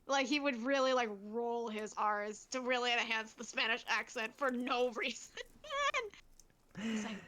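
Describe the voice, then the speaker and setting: Brash high-voiced woman on stream. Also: moderate pace, bright, forceful tone. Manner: brash, swearing and laughing often. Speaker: guest co-host. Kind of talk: casual livestream chat.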